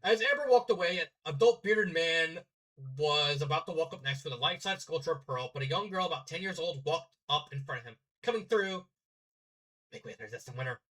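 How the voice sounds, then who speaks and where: A man's voice: on the high side, a little fast, bright, forceful tone, low-quality recording. A young man casually reading fanfiction aloud, stumbling and correcting himself with chatty asides. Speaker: fanfiction reader.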